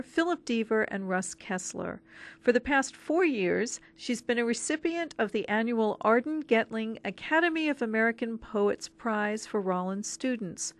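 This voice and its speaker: A woman hosting a radio arts program, reading a scripted introduction and asking interview questions in a clear, measured way. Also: fairly high pitch.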